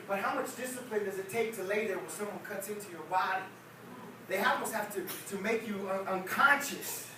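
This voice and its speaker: A high-pitched male evangelist preaches a revival sermon in a church sanctuary, building his points through repeated, emphatic refrains. He is picked up from a distance, with heavy echo and clear room noise around him. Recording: echoey church hall, distant mic, noisy.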